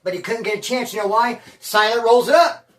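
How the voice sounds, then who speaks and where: A man who served time telling prison stories in a casual, slangy, animated streetwise way. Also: extremely high pitch, fairly quick, far from the mic. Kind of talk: casual storytelling. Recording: roomy sound from away from the mic.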